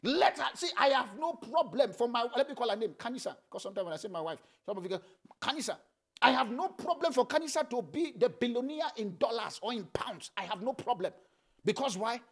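A man's voice: very high-pitched, animated, a little fast, vocal fry. A middle-aged male pastor preaching fervently, chanting prayers and praying in tongues. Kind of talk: sermon with prayer.

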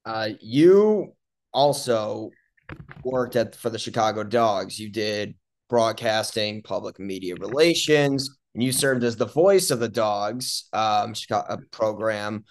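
A man hosting an interview, asking questions in a halting way, searching for his words. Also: on the low side. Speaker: interview host.

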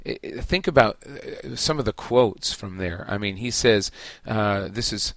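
A man hosting a podcast, discussing a book casually with emphatic, halting speech and many restarts. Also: lowish voice, fairly bright tone, no room sound. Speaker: podcast host.

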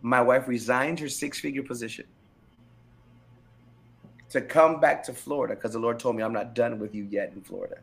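A middle-aged man, a pastor, recounts his own story in a candid, unscripted interview. He talks in an animated, emphatic way and repeats short phrases for weight. His voice sits at an ordinary middle pitch for a man. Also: moderate pace, vocal fry, pauses often. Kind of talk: candid interview, personal testimony.

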